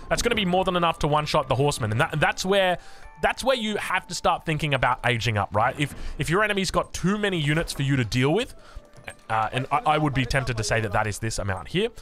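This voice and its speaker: An excitable Australian man calls a strategy game match at a rapid clip, his voice bright and pitched a little high. He trips over his words in bursts of eager play-by-play, with faint music under him. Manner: excitable, quick, with frequent restarts. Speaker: esports caster. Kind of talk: energetic game commentary.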